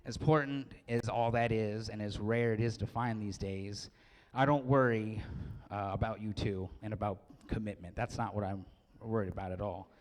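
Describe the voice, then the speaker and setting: A man's voice: lowish voice, steady tone, normal speed. A man in his forties giving a joking, self-deprecating wedding speech and laughing often. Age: 40s. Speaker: wedding speaker. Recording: long hall reverb.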